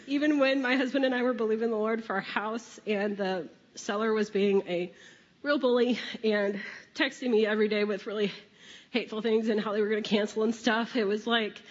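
A woman's voice: on the high side, normal speed, slightly rough. Woman, chatty testimony, laughs often, long hall reverb, dull sound. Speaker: church member sharing testimony. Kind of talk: personal testimony.

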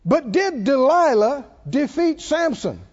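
A man's voice: very high voice, very animated, takes it slowly, a little mellow. A man preaching a sermon in a church, asking rhetorical questions and drawing responses from the congregation. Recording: muffled lo-fi recording.

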